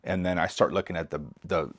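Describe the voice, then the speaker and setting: A middle-aged man from East Los Angeles speaks with a fairly low voice as a podcast guest. He tells a story with lots of energy and acts out the other people's voices. He often repeats and restarts his words as he goes. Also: steady tone, a little fast. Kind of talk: casual storytelling interview.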